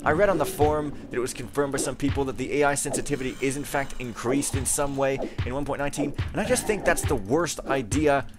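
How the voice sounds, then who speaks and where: A man's voice: mid-range voice, fast, hardly any pauses, music in the background. A young man giving casual gameplay commentary, ranting and easily frustrated, with outbursts and musing. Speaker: let's play gamer.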